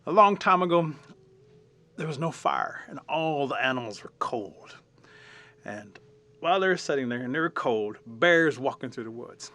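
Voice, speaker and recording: A Cherokee Nation storyteller, a man, telling a traditional animal tale in an animated, dramatic way and acting out the scenes. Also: medium pitch, moderate pace.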